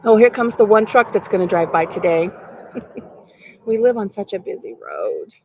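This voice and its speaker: A woman's voice: medium pitch, huge pitch swings, normal speed, vocal fry, a little mellow, slightly rough. A middle-aged woman chatting casually on a live stream from outdoors on her farm porch, giggling and talking to viewers by name.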